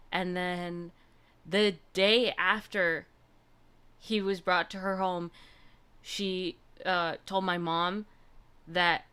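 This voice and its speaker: A woman's voice: on the low side, fairly bright tone, smooth. A young woman hosting a livestream, chatting casually and gushing through a personal story with lots of fillers. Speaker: livestream host.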